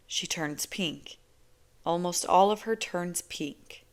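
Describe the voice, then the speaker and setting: Slow, low-voiced woman reading a novel. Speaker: audiobook reader. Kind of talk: first-person novel narration.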